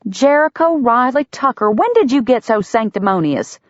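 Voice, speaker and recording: A woman reading an audiobook, voicing a spirited young woman who is indignant and quick-witted. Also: medium pitch, animated, no echo, pitched above the performer's own voice, close to an everyday voice. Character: spirited young woman, protective of her friend. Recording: dull, dry lo-fi sound.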